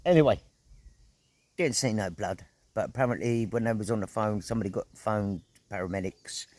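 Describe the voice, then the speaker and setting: A middle-aged man vlogging outdoors at an evening camp, telling a story in a casual, animated way, full of slang, swearing and sound effects. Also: on the low side, normal speed, no echo.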